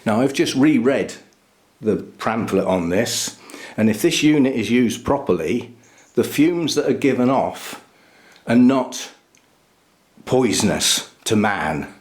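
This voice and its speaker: A man's voice: mid-range voice, animated, takes it slowly, long pauses, darkish tone. A man giving a casual, chatty walkthrough inside a small greenhouse, chuckling at his own jokes and talking into a handheld camera mic. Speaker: orchid grower vlogger.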